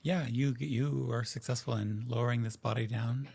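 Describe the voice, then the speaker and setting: A man narrating as game master in a tabletop game, relaxed and easygoing, with frequent hesitant fillers. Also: medium pitch, moderate pace, creaky, husky.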